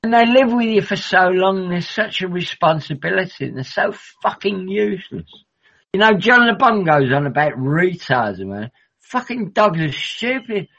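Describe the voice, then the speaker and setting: A man's voice: high voice, big pitch swings, normal speed, vocal fry, fairly bright tone, dull audio. A man rambling and joking in casual podcast chat, swearing freely over an online voice call. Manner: rambling, jokey, sweary banter.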